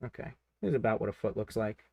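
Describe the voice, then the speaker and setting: A man's voice: fairly low pitch, lively intonation, fast, creaky, darkish tone, breathy edge, no echo. A young man, a cartoonist, chatting casually and rambling with self-mocking jokes while he draws on a live stream. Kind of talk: casual chat while drawing.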